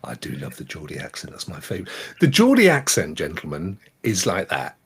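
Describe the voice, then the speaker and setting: A man's voice: low-pitched, fairly quick, creaky, husky. A man co-hosting a gaming talk show, chatting casually and joking around with a lot of laughter. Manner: jokey, animated, laughs often. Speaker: podcast co-host. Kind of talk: casual chat.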